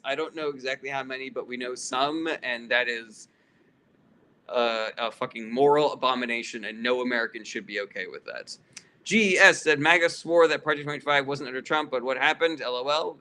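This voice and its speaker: A man's voice: mid-range voice, bright, forceful tone, a little hiss or hum. A man hosting a casual livestream Q&A, reading viewer questions aloud and answering bluntly with swearing and frequent fillers, turning heated and sarcastic with some chatters.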